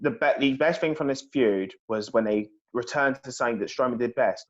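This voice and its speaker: A man's voice: mid-range voice, a little fast. A man co-hosting a casual chat show, venting his irritation with blunt swearing. His voice sits in a middle register and comes through a slightly dull, lo-fi recording. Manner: ranting, profane, exasperated. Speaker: podcast co-host.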